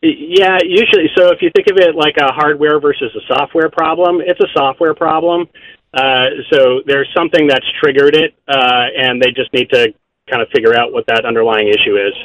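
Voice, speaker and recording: A man's voice: mid-range voice, fairly quick, a bit bright. A male caller phones in to a radio show and explains a topic with some hesitation. His voice comes through a dull, muffled phone line. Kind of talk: phone-in comment.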